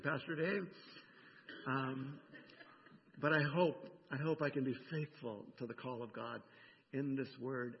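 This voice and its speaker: Pastor guy preaching, gravelly voice, lots of "right?", dull echoey church sound. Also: a little high. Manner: animated, conversational preaching with frequent "right?". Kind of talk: sermon. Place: church sanctuary.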